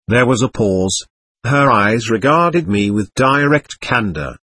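A man reading a story aloud in the first person, with a gentle, expressive telling. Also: medium pitch, slow pace, husky, no echo. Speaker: narrator.

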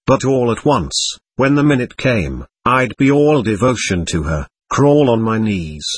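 A man's voice: medium pitch, sing-song, measured pace, breathy edge, dry recording. A man reading as a drunken, boastful old man. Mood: leering. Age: older. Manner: rambling, wheedling and needling.

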